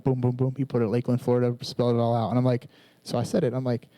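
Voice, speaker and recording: Warm-voiced man sharing a testimony. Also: medium pitch, very fast, rough recording. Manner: casual storytelling, animated. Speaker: preacher. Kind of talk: personal testimony sermon.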